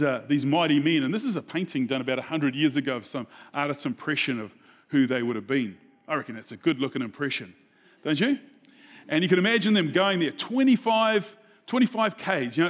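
A man preaching a sermon, telling a Bible story in a relaxed, conversational way and asking the audience questions. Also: a little high, fairly quick. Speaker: pastor.

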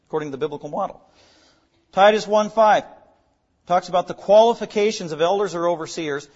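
High-voiced pastor teaching a sermon. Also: male voice, expressive, a little fast, pauses often, a little mellow, muffled recording. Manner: explanatory teaching, emphatic repetition.

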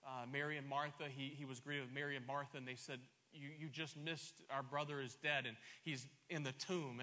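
A middle-aged man preaching a sermon, emphatic and stumbling over repeated words, swinging between loud and soft. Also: fairly high pitch. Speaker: pastor. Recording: long hall reverb.

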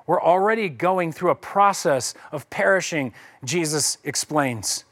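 High-voiced casual preacher. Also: male voice, lively intonation, unhurried, a bit bright. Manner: casual, acts out voices of people in the story. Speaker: pastor. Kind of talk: conversational sermon.

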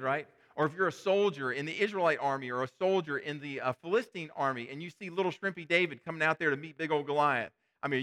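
A man's voice: a little high, sharp tone. A male pastor preaching a sermon, retelling a story in a conversational way with rhetorical questions.

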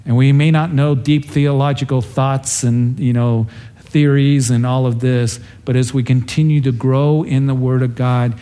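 Male pastor, mid-pitched and mellow, earnest conversational sermon teaching. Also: fairly even intonation, measured pace. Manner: storytelling, acts out the characters with a raised voice. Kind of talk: verse-by-verse Bible teaching.

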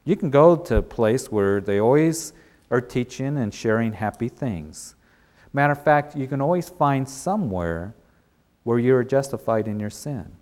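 A man's voice: medium pitch, lively intonation, a little slow, darkish tone. A male pastor delivering a sermon, retelling a story and driving points home with repeated, emphatic phrases.

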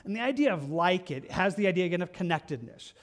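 A man's voice: high-pitched, lively intonation, fast talker. A man preaching a conversational sermon as pastor, earnest and plainspoken, often asking his listeners questions.

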